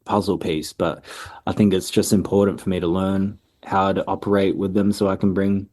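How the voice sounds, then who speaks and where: Relaxed man, low mellow voice. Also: normal speed. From Australia. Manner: relaxed, easygoing, frequent ums and laughs. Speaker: musician guest. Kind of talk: casual interview answers.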